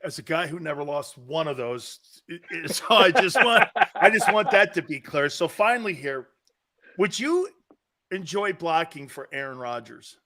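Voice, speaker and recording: A man hosting a sports talk show, with a high, bright voice that swings all over its range. He is brash and laughs often, swearing casually as he chats and plugs upcoming segments. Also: animated, normal speed.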